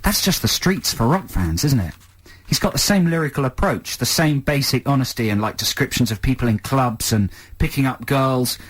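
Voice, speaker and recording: A man co-hosting a radio show, chatting casually with dry, deadpan jokes. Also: mid-range voice, normal speed, husky, no echo. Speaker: radio co-host. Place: radio studio. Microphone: studio microphone.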